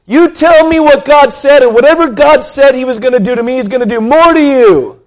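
A man playing the old priest Eli, a heavy, forceful figure who threatens. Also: medium pitch, fairly quick, gravelly, pitched below the performer's own voice, lightly acted. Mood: threatening.

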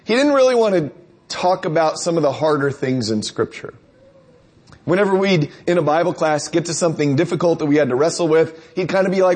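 Guy preaching a sermon, kinda husky, bit high, chatty storytelling. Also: expressive, a little fast, a little mellow. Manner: conversational, storytelling, rhetorical questions.

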